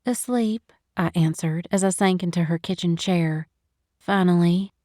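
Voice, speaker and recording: Female audiobook narrator, close studio mic, mellow dry sound. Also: on the low side, dry recording. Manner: expressive, measured storytelling. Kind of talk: scripted first-person narration. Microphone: studio microphone, close.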